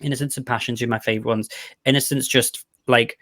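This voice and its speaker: A man's voice: mid-range voice, steady tone, fast, fairly bright tone, no echo, studio quality. A man hosting a casual review chat, rambling and enthusiastic, with lots of "like" and restarts. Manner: chatty and rambling, full of "like" and restarts; enthusiastic, gushing about favorites. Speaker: podcast host reviewing a TV series.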